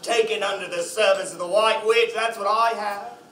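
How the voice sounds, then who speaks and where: A man's voice: high voice, fairly even intonation, normal speed, bright, forceful tone, slight background noise. A man playing a nervous, fussy, guilt-ridden male faun in a live stage play, stammering and exclaiming often. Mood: remorseful. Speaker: stage actor. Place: library hall before an audience. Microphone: far camera. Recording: echoey hall from far off.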